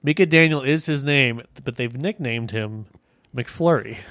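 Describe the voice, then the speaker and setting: A man's voice: mid-range voice, unhurried, a bit bright, dry recording, clean studio sound. A man co-hosting a casual comedy podcast, crude and joking, reading a news story aloud with mocking asides. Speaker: podcast co-host.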